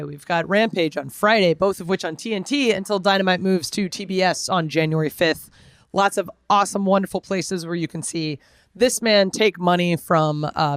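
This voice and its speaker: Brief: male co-host, brisk and joking, high resonant voice, dry sound. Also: clear, resonant tone, no echo. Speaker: podcast co-host. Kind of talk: casual promo plug.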